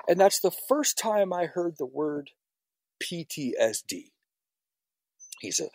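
A man's voice: fairly high pitch, very animated, slow, pauses often, darkish tone, no room sound. A firefighter being interviewed, telling his story in a raw, emotional way with frequent swearing. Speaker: firefighter guest. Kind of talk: personal story on a podcast.

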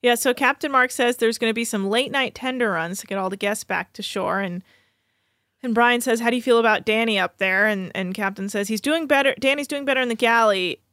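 A woman's voice: a little high, a little fast, fairly bright tone, no room sound, clean studio sound. A woman co-hosting a podcast, retelling a reality show episode in a chatty, run-on way. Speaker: podcast co-host. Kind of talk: casual chat recapping a reality show.

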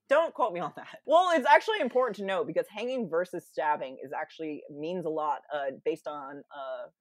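A woman's voice: sits low, expressive, a little fast, no room sound, clean studio sound. A woman guest on a podcast, retelling a story casually with lots of fillers and playfully acting out quoted lines. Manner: chatty, many fillers, acts out quoted lines in playful voices.

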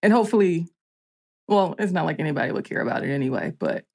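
Chatty Southern-raised woman, lowish voice. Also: animated, fast, darkish tone. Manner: chatty, many "like" fillers, laughs easily. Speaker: podcast co-host. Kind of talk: casual chat.

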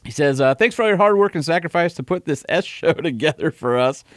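A man co-hosting a podcast in casual chat, teasing and deadpan as he reads listener emails. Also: fairly high pitch, fairly quick, dry recording, studio quality. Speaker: podcast co-host.

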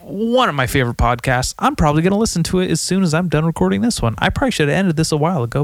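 A man's voice: fairly high pitch, sing-song, racing, creaky, no room sound. A young man hosting a solo podcast, rambling profanely and correcting himself often. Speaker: podcast host.

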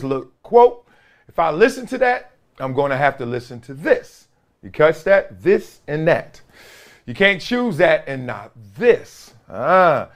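A man hosting a sports podcast, telling stories and preaching in a loose, slangy monologue. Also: fairly high pitch. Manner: animated, preachy storytelling with slang and laughs. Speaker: podcast host. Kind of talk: casual commentary monologue.

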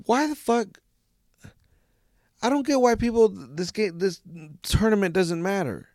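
A man's voice: sits high, unhurried, no echo. Dude ranting about his team, cussing a lot, rambly, dry recording. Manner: profane, rambling, animated, with many restarts. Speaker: soccer fan podcaster. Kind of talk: casual solo rant.

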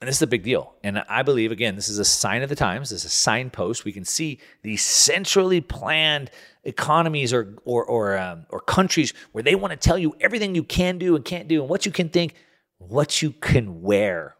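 Male podcast host, solo commentary, mid-pitched, emphatic, repeats words as he builds an argument. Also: sing-song, normal speed, a bit bright.

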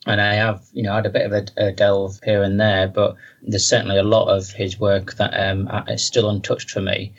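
Hesitant man, low flat voice. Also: fairly quick, few pauses, dull audio. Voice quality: hesitant, many ums and restarts. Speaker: podcast co-host. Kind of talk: casual chat.

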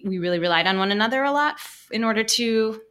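Bright-voiced chatty woman guest. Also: on the high side, fast. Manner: chatty, animated, laughs often. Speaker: podcast guest, stage performer. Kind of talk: casual podcast chat. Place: remote call, away from the hosts.

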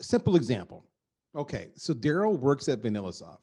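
A middle-aged man, a guest on a podcast, talking in an energetic and emphatic way and repeating words for effect. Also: mid-range voice, fairly quick, husky. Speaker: guest, marketing executive. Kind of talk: animated podcast conversation.

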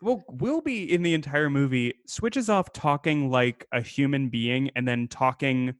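A man co-hosts a casual podcast about old movies, rambling from one thought to the next. He sounds animated and laughs often, at an ordinary pitch. The recording is close and dry, with no room sound. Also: measured pace, no echo. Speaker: podcast co-host. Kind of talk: casual film discussion.

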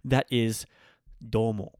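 A man hosting a casual online language lesson, explaining in a relaxed way with frequent ums and likes. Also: lowish voice, slow, clean tone, no echo, studio quality. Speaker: language teacher.

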